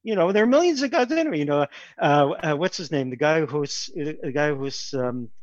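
A man's voice: a little high, moderate pace, no echo, muffled recording. A man, a composer and pianist, talking as an interview guest, discursive and restarting often. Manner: discursive, restarts often, animated with rising questions. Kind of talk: reflective conversational interview.

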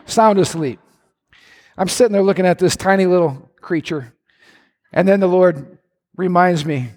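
A man preaching a sermon in an animated way, his voice climbing to near-shouts. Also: high-pitched, normal speed, pauses often. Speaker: pastor.

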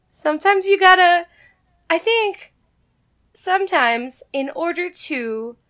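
High, bright-voiced woman, playful. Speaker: podcast guest and costume designer. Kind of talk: casual podcast chat.

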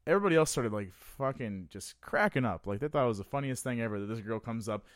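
A man's voice: medium pitch, animated, fast talker, no echo, studio quality. Crude laughing man telling a story. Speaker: podcast guest. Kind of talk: casual storytelling.

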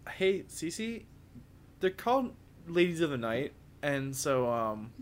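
A man's voice: fairly high pitch, very animated, a little hiss or hum. A man co-hosting a podcast, chatting casually and cracking jokes. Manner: joking, quick with wisecracks. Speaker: podcast co-host. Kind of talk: casual chat.

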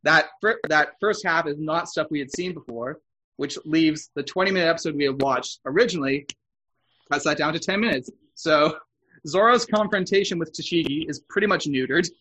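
A man hosts a podcast in a loose, casual way, circling back on himself with fillers and restarts. His voice sits a little high. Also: moderate pace, bright, forceful tone, slightly rough. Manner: rambling, with many fillers and restarts. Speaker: podcast host.

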